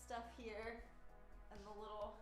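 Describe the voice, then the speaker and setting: A woman's voice: mid-range voice, flat delivery, measured pace, soft background music. A young woman chatting casually on a live stream, swearing freely and greeting viewers by name.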